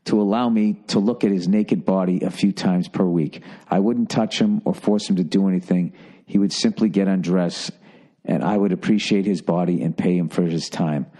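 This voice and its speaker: A man voicing a drunk, creepy seventy-year-old man in a clumsy put-on British accent, hushed and halting. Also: low voice, steady tone, voice pushed down. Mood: insistent. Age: over 60 (figure).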